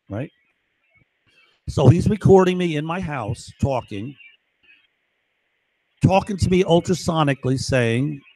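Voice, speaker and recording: A man rants into a microphone at home in an agitated, profane live monologue, keeping up a rambling flow that he punctuates with "right?" and "okay?". His voice sits somewhat high for a man. The sound is dry and close, with no room echo. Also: warm tone. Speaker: livestreamer. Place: at home, indoors.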